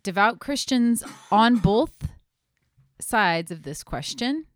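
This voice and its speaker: A woman co-hosting a casual podcast, upbeat and quick to laugh. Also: fairly high pitch, expressive. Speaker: podcast co-host, teacher. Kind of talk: casual two-host podcast chat.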